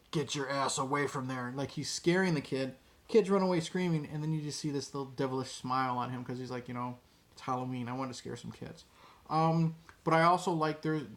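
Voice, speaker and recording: A man giving a casual, rambling movie review, with many pauses and restarts, dropping his voice to quote lines. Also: on the high side.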